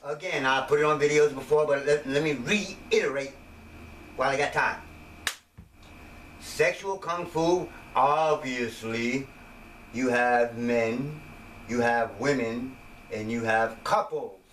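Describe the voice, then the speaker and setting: A man's voice: medium pitch, slow, a bit bright. A man giving a rambling, jokey casual monologue about his wellness system, slipping into voices now and then. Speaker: self-made wellness teacher. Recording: echoey room, mic at a distance, faint noise.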